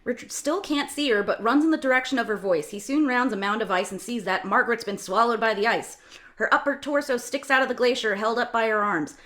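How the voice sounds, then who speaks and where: A woman reading stage directions in a plain, even-paced way for an online script reading. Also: on the high side, a little fast.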